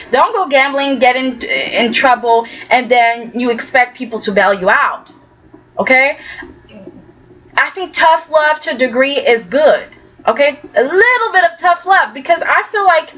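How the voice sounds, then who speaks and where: A woman's voice: high-pitched, fairly bright tone, lo-fi sound. A woman reviewing a soap opera in a chatty, opinionated way, often asking "okay?". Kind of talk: casual review talk.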